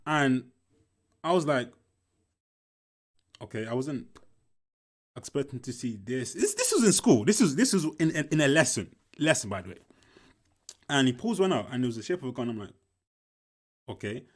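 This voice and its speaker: A man's voice: medium pitch, very animated, normal speed, long pauses. A young man, telling a school story casually while commenting on a film, swearing often and repeating himself. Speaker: movie reaction commentator.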